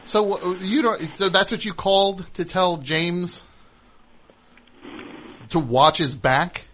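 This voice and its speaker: A man's voice: sits high, takes it slowly, a bit bright. A man hosting a comedy radio show, questioning a caller in a dry, wry way. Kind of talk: casual comedy radio talk.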